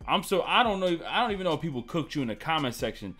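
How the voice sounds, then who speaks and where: A man's voice: fairly high pitch, very animated, racing, fairly bright tone, faint music behind. A man hosting a reaction video, commenting in a loose, joking way with plenty of swearing. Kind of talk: casual commentary.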